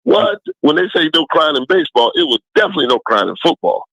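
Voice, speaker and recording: Middle-aged ex-player guest, animated, expressive pitch, dry close sound. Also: male voice, rapid-fire, gravelly, slightly rough, no room sound, low-quality recording. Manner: animated, laughing storyteller with colloquial speech. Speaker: guest, former football player. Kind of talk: casual storytelling.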